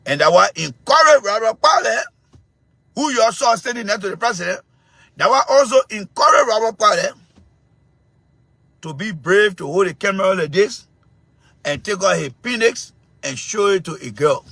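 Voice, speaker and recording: A Liberian man with a very high, forceful voice delivers angry political commentary. He circles back to the same points again and again, confronting his targets head-on. The recording is close and dry, with no room sound. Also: expressive, moderate pace, gravelly, long pauses, no room sound. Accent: Liberian English. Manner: confrontational, repetitive, shouting at times. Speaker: show host.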